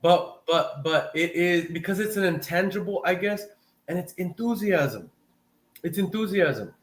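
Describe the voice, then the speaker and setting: A man hosting a live video call, coaching in a casual, animated way and repeating phrases for emphasis. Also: sits high, measured pace, echoey room. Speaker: host and sales coach.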